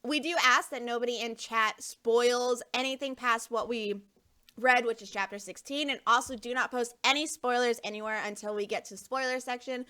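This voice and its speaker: A woman's voice: fairly high pitch, fairly even intonation, moderate pace, sharp tone. A woman hosting a casual podcast, upbeat and giggly as she runs the show. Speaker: podcast host. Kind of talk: casual chat.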